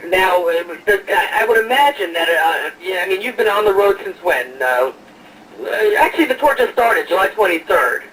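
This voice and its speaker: A man's voice: high-pitched, lively intonation, moderate pace, a bit bright, recorded from a distance, slight background noise, rough recording. A man hosting an online radio show, chatting casually and jokingly with lots of hesitations and fillers.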